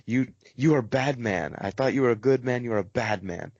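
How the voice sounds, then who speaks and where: A man's voice: medium pitch, a little fast, darkish tone, no room sound, muffled recording, voice pushed up, natural voice. A man putting on a broken-English old smuggler. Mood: cursing. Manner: broken English, clipped phrases. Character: cheerful old male smuggler, later bitter.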